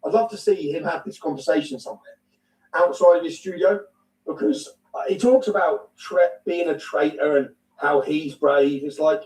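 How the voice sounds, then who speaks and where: A man's voice: on the high side, normal speed, darkish tone, echoey room, recorded from a distance, rough recording. A man with an English accent, talking bluntly and emphatically as an interview guest, repeating his points and swearing now and then. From England. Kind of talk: heated conversational interview.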